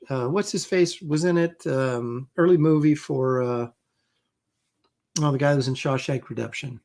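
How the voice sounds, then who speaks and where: A middle-aged man with a fairly high, creaky, slightly mellow voice talks at a normal speed. He's hosting his own live comic art stream, rambling casually and mocking himself, with plenty of ums and false starts.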